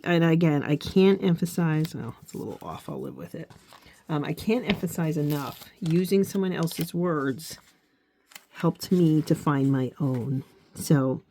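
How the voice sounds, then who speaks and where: Woman, low voice, planner vlogger, earnest and encouraging, talks right to viewers. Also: mellow, a little hiss or hum. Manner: reflective, with frequent "okay?" check-ins. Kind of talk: casual heartfelt talk while crafting.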